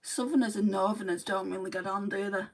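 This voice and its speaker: A woman's voice: medium pitch, steady tone, brisk, recorded from a distance, poor audio. A woman from Lancashire with a Lancashire accent, chatting casually on a beauty livestream as she answers viewer comments. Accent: Lancashire English. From Lancashire, England.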